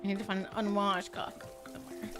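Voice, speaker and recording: A woman's voice: medium pitch, flat delivery, fast, music in the background. A young woman streaming a game, chatting casually with her viewers, giggly and crude. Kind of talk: casual gaming stream chat.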